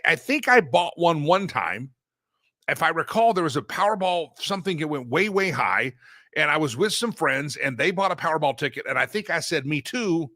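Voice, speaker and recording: Rambling, bright-voiced male talk host. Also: fairly high pitch, no echo, clean studio sound. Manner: rambling, self-interrupting, playful. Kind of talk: casual solo talk show monologue. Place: broadcast studio. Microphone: studio microphone.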